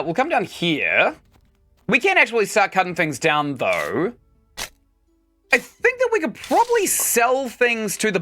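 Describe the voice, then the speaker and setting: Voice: medium pitch, sharp tone. A game streamer giving casual let's-play commentary, chatting and explaining mechanics while playing.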